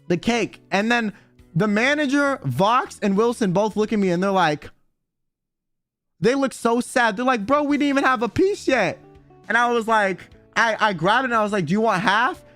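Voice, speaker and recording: A young man with a high, light voice tells a chaotic story to his stream, swearing often and acting out what everyone said. The sound is close and dry, with faint music underneath. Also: no echo. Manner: animated, swears a lot, acts out quotes. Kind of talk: casual storytelling chat.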